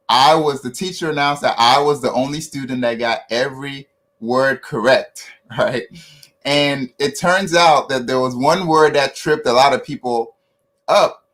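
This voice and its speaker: A man's voice: medium pitch, fairly bright tone. A man with a Ghanaian accent telling stories in an online panel, often adding "right?" and laughing while he talks. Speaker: panel guest. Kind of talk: storytelling in an online panel talk. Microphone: video call.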